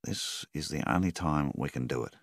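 A man's voice: sits low, sing-song, normal speed, vocal fry, no echo, voice pushed up, exaggerated voice. A man voicing a polite, evasive male bank manager who talks apologetically and persuasively. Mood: soft.

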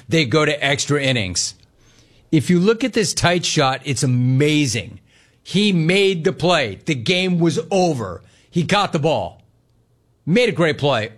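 Male sports radio host, slightly high voice, animated and teasing, quick riffs. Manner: animated, mocking, laughing commentary.

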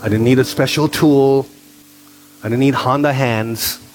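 A man in his forties, a pastor preaching a sermon, telling stories with quick bursts and emphatic repetition. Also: medium pitch, steady tone.

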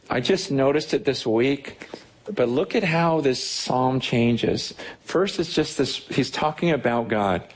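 Man preaching, slow then excited. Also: medium pitch, low-quality recording. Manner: slow solemn recitation, then animated explaining; repeats words when excited. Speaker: pastor. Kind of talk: sermon with congregational recitation.

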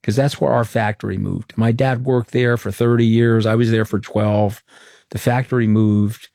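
A middle-aged man from Long Island, New York, recounting events as an interview guest in a frank, emphatic, anecdotal way. His voice sits fairly low. The sound is dry and close, with little room around it. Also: level tone, moderate pace, creaky, darkish tone, no room sound. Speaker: interview guest, former political communications director. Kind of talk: candid storytelling in an interview.

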